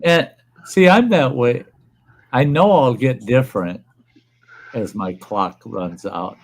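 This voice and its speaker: A man's voice: medium pitch, slow, breathy edge, low-quality recording. An older man, hosting a casual chat and talking bluntly and plainly, swearing freely. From Upper Midwest US. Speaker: livestream host.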